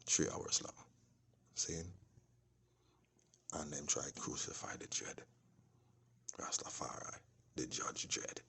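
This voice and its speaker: A man's voice: very deep voice, lively intonation, slow, vocal fry, pauses often, a bit bright, breathy edge. A man telling a long rambling story, often dropping into whispered asides. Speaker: vlogger. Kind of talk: casual storytelling monologue.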